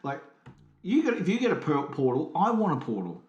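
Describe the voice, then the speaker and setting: Jokey male podcast co-host, slightly higher voice, lively ups and downs, echoey room. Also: lo-fi sound. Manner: playful, jokey, quick to riff. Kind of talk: casual comedic chat. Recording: roomy echo.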